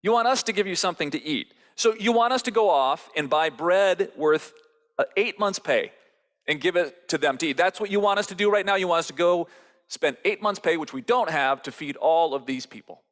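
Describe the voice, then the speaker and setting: A man's voice: on the high side, expressive, a little fast, fairly bright tone, big-room sound, pitched above the performer's own voice. A man voicing Jesus' hungry, frustrated disciples as they complain in sarcastic disbelief. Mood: exasperated. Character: exasperated hungry disciples of Jesus, adult men.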